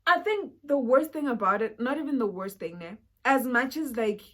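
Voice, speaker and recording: A young woman with a South African accent telling a personal story in a casual, animated way, sometimes dropping to a whisper. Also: on the high side, moderate pace. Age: young adult. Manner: animated, drops to a whisper for asides. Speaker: vlogger.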